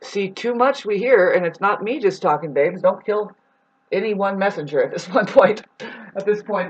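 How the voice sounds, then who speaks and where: A woman's voice: mid-range voice, lively intonation, moderate pace. A woman vlogger in a casual, rambling monologue who swears now and then and calls her listeners "babes.". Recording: dull lo-fi recording.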